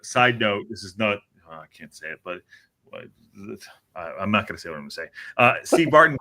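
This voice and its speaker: A man hosting a podcast, calling match highlights in an excitable, joking play-by-play with some swearing. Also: brisk. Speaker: podcast host. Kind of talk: casual match commentary.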